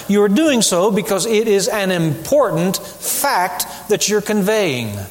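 A male pastor preaching a sermon, emphatic, with rhetorical questions and deliberate repetition. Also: sits high, big-room sound. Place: church sanctuary.

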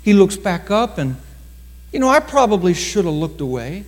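High, lively-voiced preacher telling a story. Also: male voice, long reverb tail. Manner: dramatic storytelling with slowed emphasis and acted quotes. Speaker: pastor. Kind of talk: sermon storytelling.

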